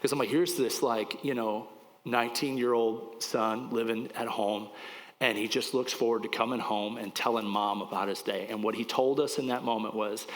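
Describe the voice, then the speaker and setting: A man's voice: medium pitch, fairly even intonation, moderate pace. A man in his forties, a pastor teaching in a casual, rambling way, at times choked up with emotion. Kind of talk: sermon, conversational teaching. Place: church. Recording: church hall with long reverb.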